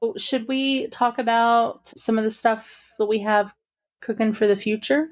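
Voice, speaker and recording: A woman's voice: fairly high pitch, steady tone, unhurried. A young woman co-hosting a casual podcast, easygoing and supportive as she announces a break. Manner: easygoing, supportive back-channeling. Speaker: podcast co-host. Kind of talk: casual chat.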